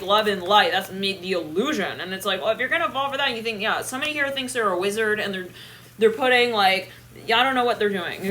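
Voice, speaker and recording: A young woman giving a live tarot reading, animated and thinking aloud, with bursts of laughter and swearing. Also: medium pitch, normal speed, slight background noise. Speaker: tarot reader.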